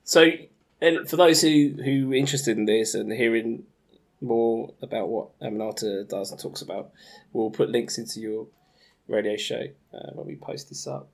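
Co-host: man, mid pitch, relaxed, wraps up the show. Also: normal speed, vocal fry. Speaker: podcast co-host. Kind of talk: casual chat.

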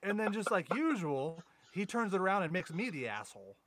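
A man's voice: high voice, very animated, a little fast, fairly bright tone, dry recording. A man co-hosting a podcast, telling profane, rambling anecdotes and mocking his friends in casual banter. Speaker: podcast co-host.

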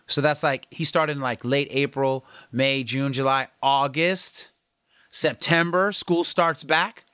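A fitness and health vlogger speaks casually to camera in a mid-range, clear, resonant voice, taking his time. He coaches and encourages viewers earnestly with slangy phrasing, growing animated when quoting others, in clean, studio-quality audio with no room sound.

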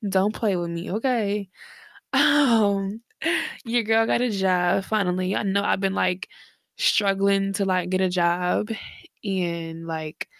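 Slowly and creakily, in a medium-pitched voice, a young podcast host talks from her bedroom late at night, tired and slightly short of breath. Her casual chat rambles, full of slang and fillers. Recorded on headphones and a desk mic, the studio-quality audio has no room sound.

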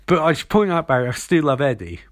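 A man's voice: on the high side, sing-song, fast, dry recording. A man voicing a frank young woman who speaks bluntly and matter-of-factly.

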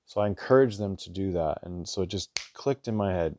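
A man's voice: low voice, a little fast, darkish tone, dry recording, studio quality. A man in his thirties hosting a podcast, telling a family story in an earnest, rambling way with restarts and lots of "like". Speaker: podcast host, father. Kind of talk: casual storytelling monologue.

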